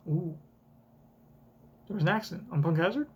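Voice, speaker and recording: A man's voice: high-pitched, normal speed, pauses often, slightly rough. A man streaming a live comic reaction, tossing out casual, chatty asides.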